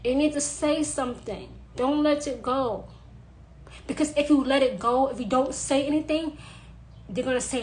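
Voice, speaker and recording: Insistent high-voiced woman, repeating herself. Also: moderate pace, a little mellow, slight background noise, low-quality recording. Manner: insistent, repeating phrases for emphasis. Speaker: witch sharing advice. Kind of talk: emphatic monologue to camera.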